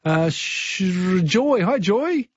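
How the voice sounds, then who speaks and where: A man's voice: sits high, very animated, drawn-out words, dry recording, highs cut off. A man with an Australian accent hosting a talkback radio quiz, chatty and easygoing. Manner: chatty, easygoing, filler-heavy.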